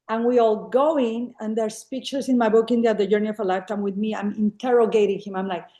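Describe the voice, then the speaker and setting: A woman's voice: fairly high pitch, fast talker, few pauses, echoey room, poor audio. A woman telling a story casually on a video call, acting out the dialogue as she goes. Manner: lively, acts out quoted dialogue. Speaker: guest speaker at a spiritual gathering.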